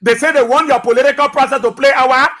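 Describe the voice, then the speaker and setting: A man's voice: very high voice, fairly even intonation, fast talker, sharp tone. A man with a Liberian English accent hosting a radio talk show, delivering emphatic commentary with repeated phrases and rhetorical questions. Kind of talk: commentary monologue. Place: radio studio.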